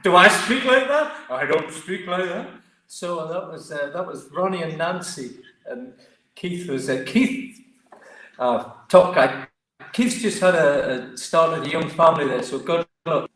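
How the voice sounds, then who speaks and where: A man's voice: a little high, a little slow. Chatty Geordie man in echoey room. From Newcastle, England. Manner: lively, chatty storyteller. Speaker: martial arts guest. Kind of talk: casual storytelling interview.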